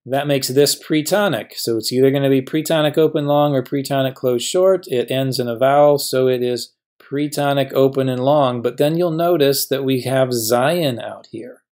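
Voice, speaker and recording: A male professor explains a grammar lesson at a steady, even pitch. He works through each example patiently and poses questions he then answers himself. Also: normal speed, hardly any pauses. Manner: patient, asks and answers his own questions.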